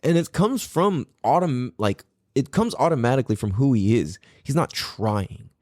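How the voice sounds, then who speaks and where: This recording is clean studio sound with no echo, featuring a middle-aged man with a mid-range voice at a moderate pace. As podcast host, he spins casual, profane stories and performs the lines he once said.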